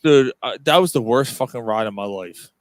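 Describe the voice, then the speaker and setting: A man's voice: medium pitch, normal speed. A man hosting a podcast, telling a rowdy story in casual chat, swearing constantly and laughing as he goes. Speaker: podcast host.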